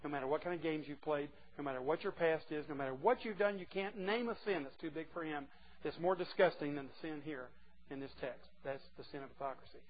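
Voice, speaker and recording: A man preaching a sermon to a group of men, earnest and moving between hushed and emphatic delivery. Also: on the high side, fast talker. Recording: muffled lo-fi recording.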